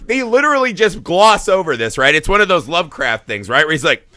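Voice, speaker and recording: A man's voice: on the high side, fast talker, few pauses, no room sound. A man co-hosting a film podcast, talking casually and with energy, swearing freely and laughing often. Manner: animated, profane, laughs often. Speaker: podcast co-host.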